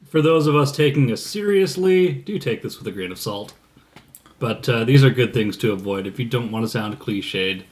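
A man's voice: mid-range voice, lively intonation, moderate pace, a little mellow. A man co-hosting a podcast in casual chat, making wry jokes. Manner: joking, wry. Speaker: podcast co-host.

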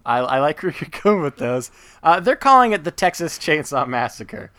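Male podcast host, enthusiastic rambler, bright tone, dry close sound. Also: on the high side, big pitch swings, normal speed, no echo. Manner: rambling, enthusiastic, full of fillers and asides. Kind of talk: casual chat.

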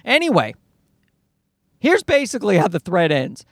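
A man's voice: sits high, moderate pace, no echo, studio quality. A man telling a story as a rambling, profane rant into a microphone in his car in a parking garage. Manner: profane, animated, self-interrupting.

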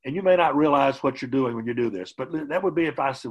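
A man giving a conversational motivational training talk as a sales trainer, often softening his points with casual asides. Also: mid-range voice, lively intonation, quick pace, hardly any pauses, lo-fi sound. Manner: conversational, hedging with "kind of" and "you know".

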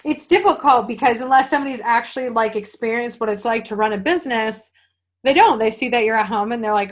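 A woman hosting a podcast interview, talking in a chatty, animated way with quick asides. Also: fairly high pitch. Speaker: podcast host. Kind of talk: casual interview chat.

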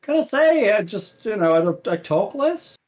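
A man's voice: sits high, very animated, moderate pace, a little mellow. Laid-back man running a tabletop game. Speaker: game master. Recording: dull lo-fi audio.

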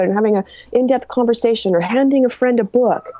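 A woman's voice: a little high, a little fast, no echo, dull audio. A woman author and coach answering interview questions, telling client stories and acting out the people in them. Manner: animated, acts out quoted people.

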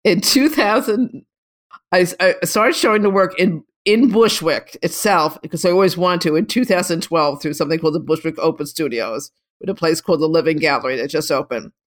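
A woman photographer in an interview, telling long rambling stories with many restarts and lively quotes of other people. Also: low-pitched, fairly quick. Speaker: photographer guest. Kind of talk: casual storytelling interview.

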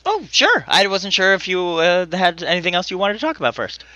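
A comedian man in a casual podcast chat, blunt and quick to laugh. His voice sits high and is bright and tense, rising and falling a lot. The sound is dry and close. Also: big pitch swings, no echo, lo-fi sound. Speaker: stand-up comedian and podcast host.

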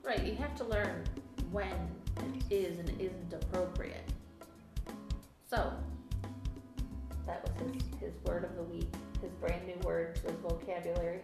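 A woman in her forties, a podcast co-host, telling stories eagerly in casual chat, quick when she quotes people. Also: on the low side, steady tone, gravelly. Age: 40s. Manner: enthusiastic storytelling, quick quoted asides. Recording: echoey room with music behind.

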